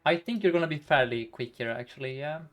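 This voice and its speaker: A man's voice: on the high side, animated, quick pace, a bit bright, soft background music. A man streaming a game live, thinking aloud about each move in a chatty way and laughing often.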